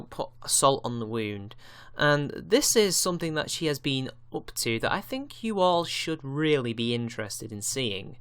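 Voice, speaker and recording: A man's voice: on the high side, bright, forceful tone. A man giving a ranting online commentary, indignant and sarcastic, with frequent swearing. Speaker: YouTube commentator.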